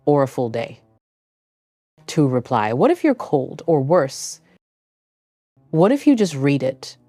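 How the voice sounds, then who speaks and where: A woman giving scripted motivational relationship advice, speaking in a slow, deliberate and emphatic way. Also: extremely low pitch, warm tone, no echo.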